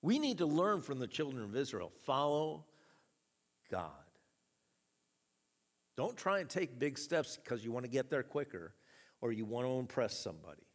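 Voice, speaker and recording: A man preaching a sermon, telling a story with chuckles and an animated delivery. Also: medium pitch, normal speed, long pauses. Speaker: pastor. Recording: reverberant hall.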